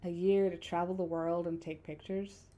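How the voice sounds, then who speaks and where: A woman's voice: fairly low pitch, level tone, moderate pace, mellow, close to an everyday voice. A woman voicing a friendly, easygoing adult male photographer in a video game, asking curious questions in a lightly raised voice.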